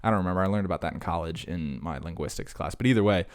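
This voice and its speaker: Deep-voiced man rambling casually. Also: racing, clear, resonant tone. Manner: rambling, jokey, self-deprecating, lots of fillers. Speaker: podcast host. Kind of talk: casual solo chat.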